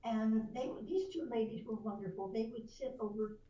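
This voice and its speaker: An older veteran voice actress, a podcast guest, telling lively anecdotes and slipping into voices. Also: female voice, fairly high pitch, normal speed, lo-fi sound. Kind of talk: storytelling in a podcast interview. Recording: roomy distant mic, faint noise.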